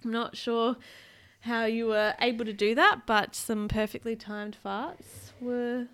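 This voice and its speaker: A woman's voice: a little high, measured pace, clear, resonant tone. Playful woman reading a picture book aloud. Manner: animated, playful, describes pictures. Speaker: parent reading to her child.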